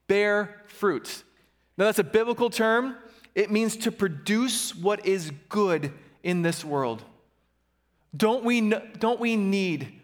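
A man preaching as a pastor, reading scripture and praying, then calling out questions and asking the congregation to answer. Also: sits high. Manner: animated, calls for audience response. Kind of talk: sermon. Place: church sanctuary. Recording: long hall reverb.

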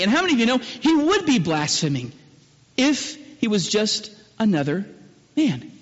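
High-voiced pastor preaching in a reverberant hall. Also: male voice, very animated, brisk. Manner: rhetorical questions to the congregation; builds to loud emphatic peaks, drops low for solemn lines. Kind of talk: sermon. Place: church hall. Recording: muffled sermon recording with long hall reverb.

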